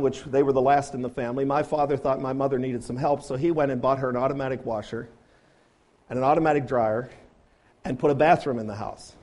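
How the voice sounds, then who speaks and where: A man preaching a sermon, firing rhetorical questions and swinging between loud appeals and quiet, low asides. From grew up on a farm.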